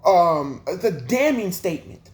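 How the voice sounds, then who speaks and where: A man's voice: high voice, big pitch swings, a little slow, a little mellow, echoey room. A man hosting a sports livestream, ranting in an exasperated, profane way with lots of rhetorical questions. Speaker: sports channel host.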